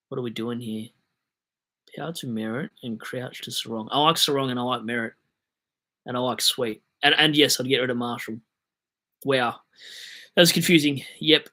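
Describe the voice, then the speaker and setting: A man's voice: mid-range voice, bright, forceful tone. A young Australian man hosting a livestream, reading viewer comments aloud and rambling in a jokey, self-deprecating way. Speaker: livestream host answering viewer questions. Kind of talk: casual livestream chat.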